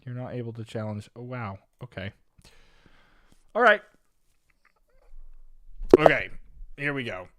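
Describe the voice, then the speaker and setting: A young man from Canada, chatting casually as he streams chess, rambling and swinging between low mumbles and loud exasperated bursts. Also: big pitch swings, unhurried, long pauses, dry recording, studio quality. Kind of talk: casual live-stream chat.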